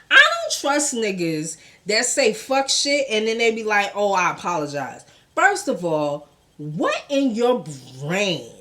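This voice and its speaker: A woman's voice: on the high side, pushed and bright. A woman hosting a casual gossip commentary show, blunt and profane, talking in with laughing asides.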